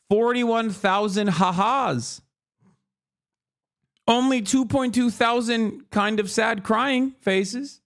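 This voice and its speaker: A man live streaming, reacting to the news in an animated, profane, sarcastic rant with mocking impressions. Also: sits high, takes it slowly. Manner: mocking impressions of other people.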